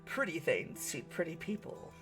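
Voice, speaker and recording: A woman voicing a charming tall male elf demigod who calmly insists on his kindness. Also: low voice, moderate pace, music in the background, voice pushed down.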